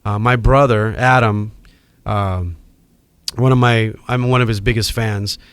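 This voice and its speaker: A middle-aged man from Hawaii with a Hawaiian accent, telling animated stories as a podcast guest. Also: fairly low pitch, measured pace, clear, resonant tone, no echo. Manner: animated storyteller acting out quoted voices. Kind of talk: storytelling in a podcast interview.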